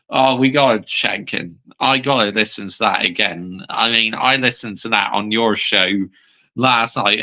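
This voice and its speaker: A man's voice: medium pitch, creaky, bright, forceful tone, low-quality recording. A young man chatting casually about football on his own channel, swearing freely and repeating "I mean" between points. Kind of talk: casual live-stream football chat.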